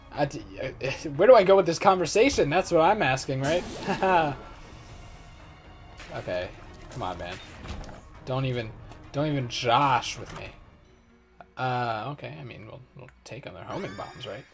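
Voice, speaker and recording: A man's voice: medium pitch, lively intonation, unhurried, vocal fry, pauses often, soft background music. A man in his twenties giving casual gameplay commentary, rambling and joking at his own expense. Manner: rambling, joking, self-mocking. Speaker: let's play host.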